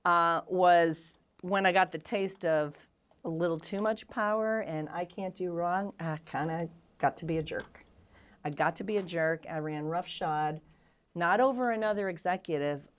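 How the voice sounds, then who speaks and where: A middle-aged woman, a guest on an interview show, telling frank, self-deprecating stories in a candid and animated way. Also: fairly low pitch, normal speed, smooth.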